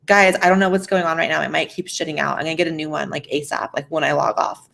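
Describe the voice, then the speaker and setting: A woman hosts a casual livestream and reads viewer messages aloud in a blunt, profane, sassy way. Her voice sits a little low. Her microphone is faulty and keeps cutting out. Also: steady tone, fairly quick, vocal fry. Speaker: livestream host. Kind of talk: casual livestream chat, reading super chats.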